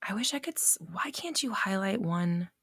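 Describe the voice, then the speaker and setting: A woman hosting a live coaching stream, talking off the cuff with blunt, profane tough love that swings from soft apologies to heated lecturing. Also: mid-range voice, expressive, normal speed, breathy edge, dry recording, clean studio sound. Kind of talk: unscripted live coaching talk.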